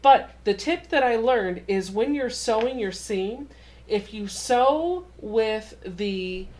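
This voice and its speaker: A woman's voice: fairly high pitch, expressive, takes it slowly, darkish tone. A young adult woman hosting a casual home sewing tutorial, chatty and self-deprecating as she walks through each step. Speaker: quilting channel host.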